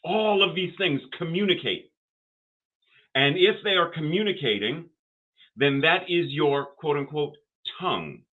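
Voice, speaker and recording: A man's voice: on the high side, expressive, unhurried. An older man delivering a sermon as minister, building rhythmic, repetitive phrases to rising emphasis. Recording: phone-like narrow band audio.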